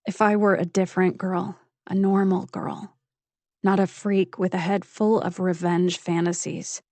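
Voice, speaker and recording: A woman reading a first-person psychological thriller audiobook in a measured, intimate storytelling manner on a close studio mic. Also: lowish voice, little pitch movement, darkish tone, no echo. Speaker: audiobook narrator.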